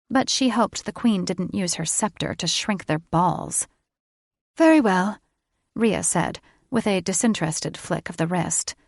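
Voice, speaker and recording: A woman narrating a fantasy audiobook in a measured, unhurried storytelling manner. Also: on the low side, vocal fry, dry recording, studio quality.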